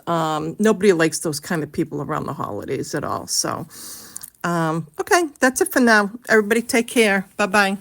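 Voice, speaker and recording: A middle-aged woman leaving a chatty voice message for a podcast. She gushes, swears casually and fills her pauses with lots of ums. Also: fairly low pitch, animated, fairly bright tone. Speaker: listener sending in a voice message.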